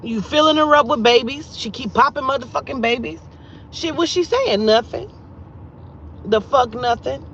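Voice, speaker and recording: A woman vlogging casually to her viewers, blunt and profane, jumping between loud outbursts and low, muttered asides as she tells a story from a parked car. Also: lively intonation, normal speed. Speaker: vlogger and spiritual reader. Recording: dull lo-fi sound with faint vehicle noise.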